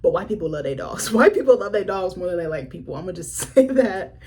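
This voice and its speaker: A young woman reviewing a film in a casual, animated vlog, swearing freely and acting out the characters' lines. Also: on the low side, brisk, slight background noise.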